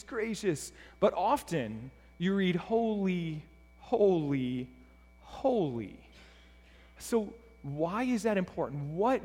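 A man with a notably high voice delivers a sermon from a church sanctuary. His words ring out with a long hall echo, and he talks earnestly, often restarting phrases and repeating words. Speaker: pastor. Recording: reverberant hall.

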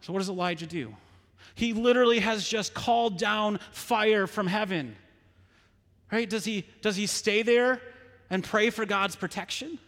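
A pastor preaching a sermon, retelling a story with frequent rhetorical questions. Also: male voice, high-pitched, unhurried, fairly bright tone, big-room sound.

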